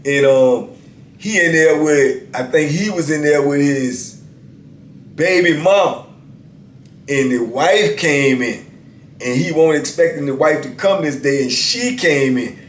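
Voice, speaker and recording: Speaking at a measured pace in a fairly high voice, a fifty-something channel host tells casual stories. He stays laid-back, sprinkling in "man" and "you know what I'm saying." The recording has room echo and faint background hiss.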